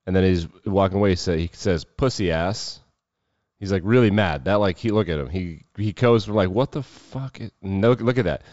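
A man's voice: low voice, fast, hardly any pauses, darkish tone, no room sound, dull audio. A man hosting a sports show, riffing off the cuff on games and clips with a wry, sardonic edge. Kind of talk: casual sports commentary.

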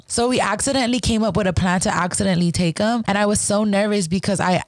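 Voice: medium pitch, quick pace, few pauses, dry recording. Casting a podcast host: casual storyteller who laughs through the telling, recorded dry and close.

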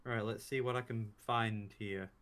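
A man's voice: fairly low pitch, steady tone, moderate pace, a bit bright. A young man co-hosting a podcast, joking, swearing and laughing often in casual banter. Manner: laughs a lot, swears, jokey and rambling. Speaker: podcast co-host.

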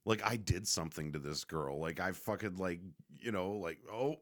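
A man's voice: low-pitched, moderate pace. A man casually telling a rambling, profane, joking story to the camera.

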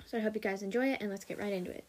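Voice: medium pitch, steady tone, very fast. Casual podcast host reading a story. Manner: casual, with small restarts and self-corrections. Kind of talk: reading own fan fiction aloud.

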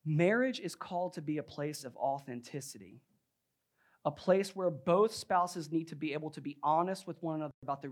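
A male pastor delivering a sermon in a relaxed, conversational way. His voice sits a touch higher than most men's. He tells stories, peppering them with "like" and "right?". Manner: conversational preaching with frequent "like" and "right?".

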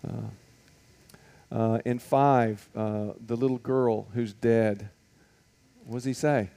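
A man's voice: lowish voice, fairly even intonation, takes it slowly, creaky, pauses often, warm tone. A man teaching a Bible lesson to a group in a conversational way, asking many rhetorical questions and stopping on fillers.

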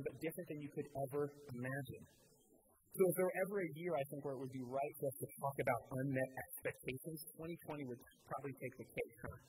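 A man's voice: medium pitch, darkish tone, a little hiss or hum, low-quality recording. A young American man preaching a sermon in a church, telling stories casually with lots of fillers. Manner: storytelling, casual with many fillers. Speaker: pastor.

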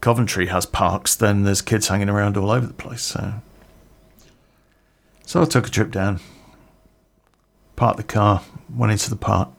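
Middle-aged male storyteller, lowish fry-edged voice, loose rambling delivery full of curses. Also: steady tone, normal speed, pauses often. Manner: swears freely, rambling anecdotal asides. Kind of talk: casual spoken storytelling.

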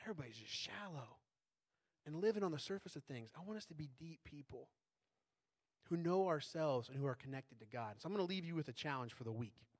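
A man's voice: on the high side, animated, fairly quick. A man preaching a sermon as a pastor in a conversational way, often checking in with tag questions.

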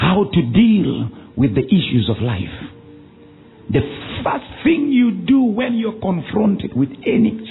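A man preaches with call-and-response commands, his voice leaping high and dropping low. The sound is thin and phone-like, with faint music underneath. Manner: commanding call-and-response preaching, swinging between shouts and low drawn-out lines. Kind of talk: sermon.

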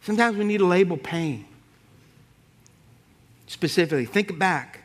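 High-voiced preaching man. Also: expressive, moderate pace. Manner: punchy, rhyming lines and audience call-outs. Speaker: pastor. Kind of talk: sermon.

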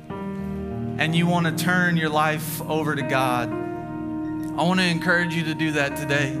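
A man in his thirties preaching a sermon, telling a family story with slow, deliberate emphasis. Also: on the high side. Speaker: pastor. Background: music.

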